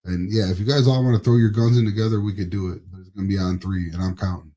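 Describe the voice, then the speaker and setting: A man co-hosting a casual political podcast, his voice sitting low with a dark, mellow tone. He talks loosely and swears a lot. He laughs often and lets his sentences trail off into mumbles. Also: fairly even intonation, fast talker. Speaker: podcast co-host.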